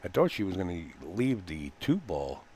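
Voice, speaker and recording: A man with a low, deep voice calls a live pool match in a relaxed, folksy way. He rambles between shots and fills the gaps with uhs. A faint hum sits under his voice. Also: moderate pace. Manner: chatty, folksy, laughs easily, frequent fillers. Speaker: pool commentator. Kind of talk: live sports commentary. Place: pool hall commentary booth.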